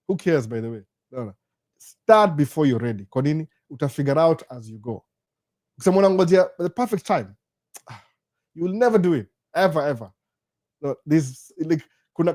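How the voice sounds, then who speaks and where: A man with a Kenyan accent hosting a casual live Q&A, talking in a chatty, animated way with jokey asides. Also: fairly high pitch, dry recording, clean studio sound. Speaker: live-stream host. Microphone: studio microphone.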